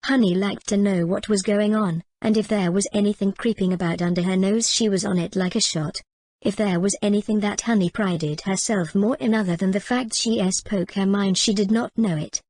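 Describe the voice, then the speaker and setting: A woman reading a novel aloud as audiobook narrator, in a steady, clear reading manner. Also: medium pitch, moderate pace, no room sound. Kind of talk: scripted storybook narration.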